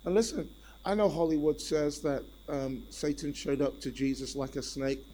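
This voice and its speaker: A male preacher giving a sermon in an animated, repetitive way and calling out to the congregation. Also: fairly high pitch, normal speed, low-quality recording.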